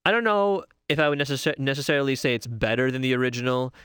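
A man's voice: medium pitch, lively intonation, fast talker, a bit bright, smooth, dry recording, clean studio sound. A young man chatting casually and enthusiastically on his own, rambling and correcting himself as he goes. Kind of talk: casual solo talk about favorite movies.

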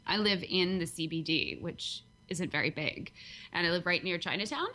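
A woman's voice: fairly low pitch, moderate pace, pushed and bright. A woman guest on a podcast, chatting casually and laughing often, speaking into a headset mic. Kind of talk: casual chat.

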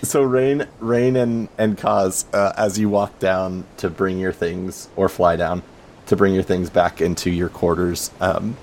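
A man with a very low voice narrating a tabletop game as game master. He stops and restarts often and fills gaps with "um" and "uh". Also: steady tone, a little mellow, a little hiss or hum. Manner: halting, with many fillers and restarts.

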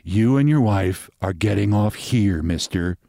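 A cold, hard gangster woman who gives orders low and curt, as a man reading the story voices her. She sounds menacing and clipped, set against dry, close sound. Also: lively intonation, a little slow, gravelly, dark tone, no room sound. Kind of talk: reading a short story aloud.

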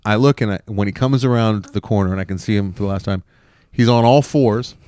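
A man in casual podcast chat, telling a story in lively fashion, acting out the people he quotes and swearing freely. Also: on the low side, a little fast, smooth, no room sound, clean studio sound. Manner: animated storyteller who acts out the people he quotes.

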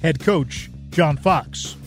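Brief: male documentary narrator, slightly high voice, steady read, light music beneath. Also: extremely slow, gravelly.

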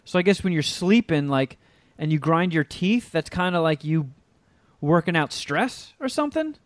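Casting: male podcast host, slightly high voice, dry close sound, loose rambling storyteller who swears freely. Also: lively intonation, moderate pace, dry recording. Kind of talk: casual chat.

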